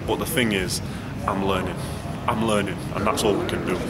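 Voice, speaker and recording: A man's voice: deep voice, steady tone, a little fast. A young man answering interview questions in a frank, rambling way, full of fillers and restarts. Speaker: boxer being interviewed. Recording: loud background noise, passing vehicles.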